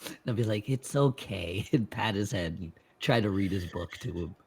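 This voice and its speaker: A man's voice: fairly low pitch, a little fast, a little hiss or hum. A man playing a tabletop game, slipping into character with frequent laughter. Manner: laughs often, lively. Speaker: player.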